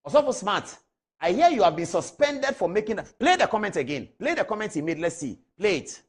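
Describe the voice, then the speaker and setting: A man's voice: sits high, very animated, fairly quick, breathy edge. A middle-aged man with a Ghanaian accent hosting a TV talk show, speaking to viewers and emotionally retelling a phone call with quoted dialogue. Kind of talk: on-air commentary to viewers.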